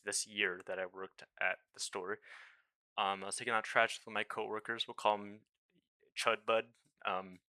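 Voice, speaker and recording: A young man spins a loose, casual story about his job, padding it with fillers and wry jokes at his own expense. His voice is sharp and bright and sits a little low. The recording is close and completely dry. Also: no room sound. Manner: rambling, filler-heavy, wry self-deprecating. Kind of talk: casual anecdote monologue.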